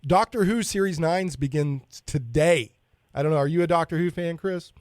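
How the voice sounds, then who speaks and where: A man's voice: a little high, a little mellow, no echo, studio quality. A man hosting a casual geek talk radio show, joking around with puns and laughing at his own jokes. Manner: jokey, punning, quick to laugh.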